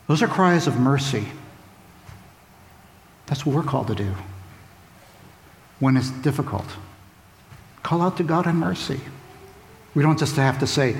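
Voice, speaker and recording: A man's voice: mid-range voice, measured pace, gravelly, long pauses, slight background noise. A man preaching a sermon, emphatic and repeating phrases for stress. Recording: echoey hall with faint ambience.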